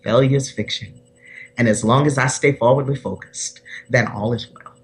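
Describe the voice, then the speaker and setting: Female life coach, podcast guest; sincere, heartfelt, halting restarts. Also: a bass voice, slight background noise. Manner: earnest, heartfelt, many restarts. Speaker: personal development coach.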